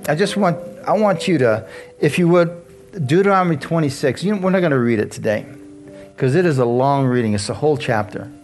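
A man preaching a casual sermon, telling a personal story with frequent laughs and lively asides. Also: mid-range voice. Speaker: pastor.

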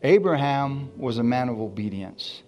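A man preaching a sermon in a church. He keeps asking the congregation for responses and drops into quiet asides between loud, emphatic points. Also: medium pitch, lively intonation, moderate pace. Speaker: pastor.

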